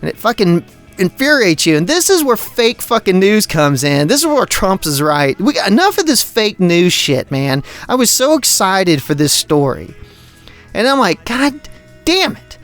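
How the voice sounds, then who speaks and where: Swearing, ranting podcast host, smooth voice. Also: male voice, high voice, big pitch swings, normal speed, fairly bright tone, faint music behind. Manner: rambling, swears constantly, exasperated rants. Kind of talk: profane casual storytelling.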